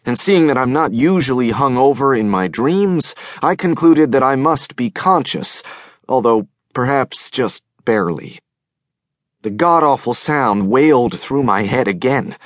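A man narrating a novel in the first person, with a measured, wry delivery. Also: mid-range voice, no room sound, studio quality. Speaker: audiobook narrator. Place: recording studio.

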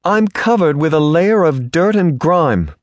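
A man's voice: on the high side, expressive, a little slow, no echo, studio quality, voice pushed up. A man voicing a prim, indignant young lady in a Western romance audiobook, speaking formally and haughtily. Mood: sulky.

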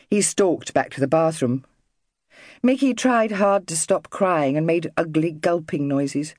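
A woman narrates a children's audiobook with an animated, expressive delivery. Her pitch moves freely, and the recording is dry and close with no room sound. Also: a little slow, no room sound. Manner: expressive, storytelling.

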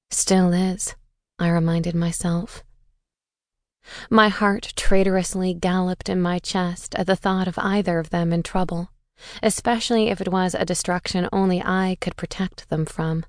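A woman's voice: on the low side, no echo, clean studio sound. A woman reading a first-person audiobook with an intense, bitter, dramatic delivery. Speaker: audiobook narrator.

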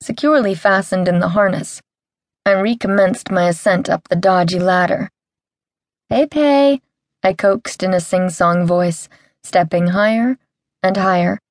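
A woman's voice: lowish voice, moderate pace, no room sound, studio quality. A woman narrating a first-person audiobook in a wry, comic storytelling manner. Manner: wry, comic storytelling with lively character voices.

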